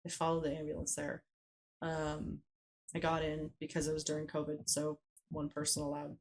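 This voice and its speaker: A woman guest on a podcast interview, recounting a personal story in a hesitant way, with frequent pauses and fillers. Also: low-pitched, completely flat delivery, slight background noise, rough recording.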